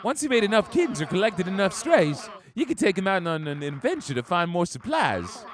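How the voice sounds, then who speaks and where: A flamboyant, gossipy neighbor from a game, who swoops wildly up and down in a very high voice. He stretches his words out in a campy, theatrical way. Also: big pitch swings, a crowd in the background. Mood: chatty. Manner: campy, theatrical, drawn-out delivery. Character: flamboyant gossipy male cat-town neighbor. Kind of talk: game character dialogue.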